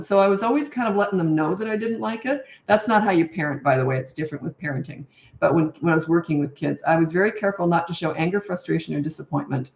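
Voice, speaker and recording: Older lady coach doing a live q&a, kinda low voice, just says what she thinks, roomy echo. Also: fast, creaky, darkish tone. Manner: frank, chatty, thinks aloud. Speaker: parenting coach. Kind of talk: live Q&A, answering viewer questions.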